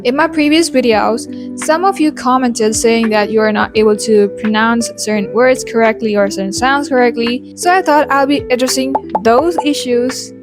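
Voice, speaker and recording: Young woman, Indian English accent, fairly high voice, pronunciation lesson, repeats words slowly, soft music behind. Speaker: accent coach.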